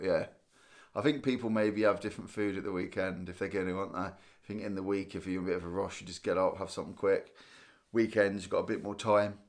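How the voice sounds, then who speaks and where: A man from Guernsey hosts a relaxed live stream, tired from a sleepless night. His voice sits somewhat low, and he chats loosely, thinking aloud and trailing off. He keeps it casual and conversational as he answers viewers. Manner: chatty, rambling, thinks aloud with restarts and small laughs. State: tired, yawning. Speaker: livestream host. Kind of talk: casual live chat reading viewer comments.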